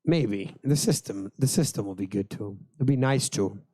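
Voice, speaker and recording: A hoarse man co-hosting a podcast, chatting about sports in a rambling, crude, jokey way. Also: fairly low pitch, moderate pace, dark tone, no echo. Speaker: podcast co-host. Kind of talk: casual sports chat.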